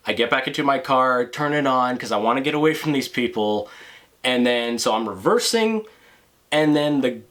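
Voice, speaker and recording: A man's voice: mid-range voice, fairly bright tone. Profane, rambling man telling a story. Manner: profane, rambling with stammered restarts. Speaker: vlogger. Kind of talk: storytime monologue.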